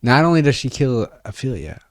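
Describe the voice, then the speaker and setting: A man co-hosting a casual anime discussion, rambling and animated, with mocking put-on voices. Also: mid-range voice, fairly quick, dry recording, studio quality. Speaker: podcast co-host.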